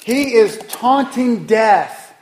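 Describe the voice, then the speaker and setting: A man with a fairly high voice delivers a sermon from the pulpit. He preaches emphatically, repeating phrases for weight. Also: lively intonation, extremely slow, a little mellow. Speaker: pastor.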